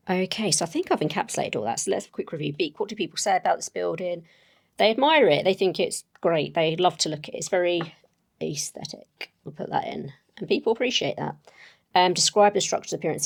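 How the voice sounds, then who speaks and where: A woman's voice: lowish voice, vocal fry. A woman playing a solo tabletop game, thinking aloud as she writes, hesitant and full of self-corrections.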